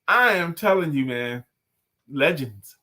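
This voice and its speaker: Playful bright-voiced man telling dad jokes. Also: fairly high pitch, animated, slow, a little hiss or hum. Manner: playful, tells dad jokes and laughs loudly at them; greets viewers by name. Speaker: co-host. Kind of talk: casual live-stream chat.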